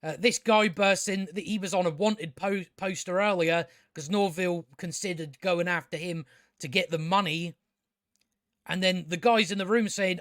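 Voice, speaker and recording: A man's voice: high voice, normal speed, a bit bright, no echo, studio quality. A man reviewing a TV show in a casual rant, blunt, scornful and full of swearing.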